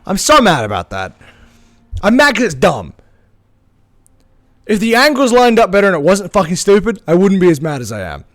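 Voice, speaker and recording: A male streamer talking casually to his viewers from his desk mic. His voice sits a little high and swings widely in pitch as he rants, swears freely, and then apologizes in a rush. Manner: animated ranting, swearing, quick apologies. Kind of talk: casual live-stream chat.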